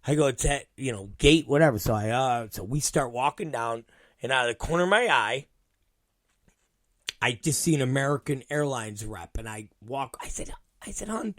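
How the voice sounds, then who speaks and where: A man hosting his own show, telling a story in an animated, profane way and acting out both sides of the dialogue. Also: mid-range voice, normal speed, no echo. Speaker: podcast host. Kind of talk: storytelling monologue.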